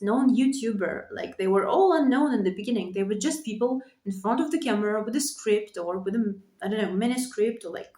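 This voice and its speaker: A woman in her thirties speaks to camera from her bedroom in an earnest, unscripted monologue. Her voice sits a little high, and she circles back over her words and swears freely as she opens up. The room sound is noticeably echoey. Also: a little mellow. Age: 30s. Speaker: vlogger. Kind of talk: candid personal monologue.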